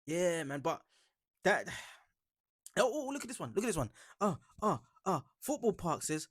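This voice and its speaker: A man's voice: high-pitched, very animated, a little slow, husky. A man vlogging about football in a laid-back, joking way, rambling with slang and fillers. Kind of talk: casual reaction vlog.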